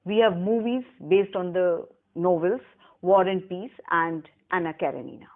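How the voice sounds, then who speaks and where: Over narrow, tinny audio, a woman with a lowish voice delivers a recorded English lesson. The Pakistani lecturer goes slowly and deliberately, spelling words out carefully for her students.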